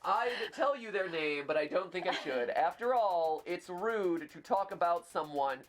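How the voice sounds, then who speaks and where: A man's voice: sits high, lively intonation, unhurried. A man putting on a grand British storybook narrator. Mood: grandly narrating. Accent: put-on British. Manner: theatrical storytelling read. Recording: game stream with music behind.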